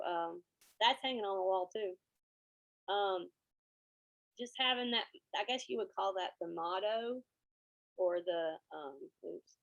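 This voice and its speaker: A woman's voice: mid-range voice, vocal fry, lo-fi sound. A woman band director, giving a presentation and acting out quotes as she tells stories. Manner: lively storyteller, acts out quotes. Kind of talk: conference presentation.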